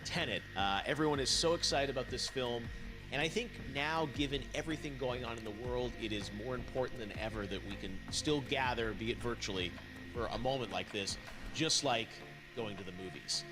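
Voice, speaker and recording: A man's voice: mid-range voice, brisk, music in the background. A man hosting a live in-game event, upbeat and interviewing his guest. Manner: upbeat presenter, hyping and interviewing. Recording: noisy game-stream audio.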